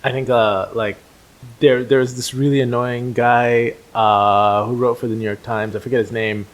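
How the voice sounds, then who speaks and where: Male co-host, mid pitch, rambling and self-deprecating. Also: flat delivery, normal speed. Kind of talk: casual chat.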